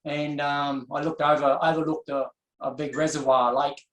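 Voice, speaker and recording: A man telling his personal story as an interview guest, earnest and reflective, pausing and restarting as he goes. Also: a little high, flat delivery. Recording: echoey room.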